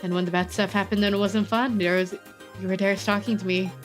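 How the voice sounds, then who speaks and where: A woman's voice: medium pitch, little pitch movement, brisk, soft background music, lightly acted. A woman voicing a young male best friend in a game, casual and teasing. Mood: fond.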